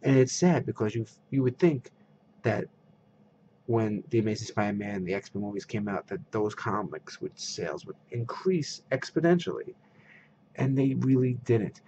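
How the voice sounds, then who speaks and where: Low-voiced man ranting, lo-fi. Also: animated, normal speed, mellow, a little hiss or hum. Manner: ranting, retells talks with quoted voices. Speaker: vlogger. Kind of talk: casual rant to camera.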